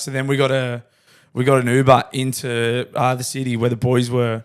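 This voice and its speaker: Laddish young Australian podcast co-host, casual storyteller, drops constant expletives. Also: male voice, mid-range voice, completely flat delivery, normal speed, smooth. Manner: laddish, swears a lot, acts out quoted lines.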